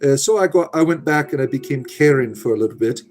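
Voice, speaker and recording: Talking fast and animatedly, this livestream host, a middle-aged man from the Americas, has a mid-range, somewhat mellow voice. He goes on a profane rant about a mechanic to his live viewers, rambling with frequent "right?" and filler words.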